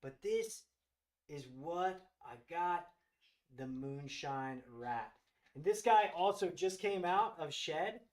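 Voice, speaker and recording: A man with a notably high voice hosts a live-stream showcase. He talks with eager enthusiasm, praising each animal as he goes. He often circles back and restarts his sentences. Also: lively intonation, takes it slowly. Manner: enthusiastic, gushing over animals. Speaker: host of a live reptile sales show.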